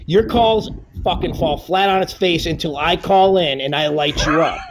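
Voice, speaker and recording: A man's voice: fairly high pitch, normal speed, noisy background. A man calling into a podcast, rambling and teasing the host with crude, profane jokes and bossy orders. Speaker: caller. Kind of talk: casual crude banter.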